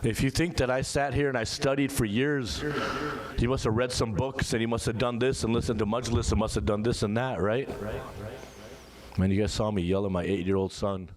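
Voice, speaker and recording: A man in his thirties giving an emotional religious sermon, moving from casual asides to the audience into high, pleading retold prayers. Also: steady tone, brisk, a crowd in the background. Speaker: majlis speaker.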